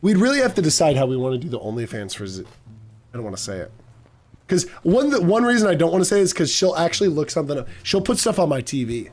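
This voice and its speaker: A man's voice: fairly high pitch, big pitch swings, fast talker, darkish tone. Man rambling through gameplay commentary. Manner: rambling, joking asides. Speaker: streamer.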